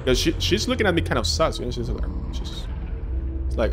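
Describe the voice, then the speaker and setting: A young man giving jokey, excitable commentary while playing a game, swearing and reacting loudly. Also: a little high, brisk. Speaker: gaming streamer. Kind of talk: let's play commentary. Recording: music playing behind.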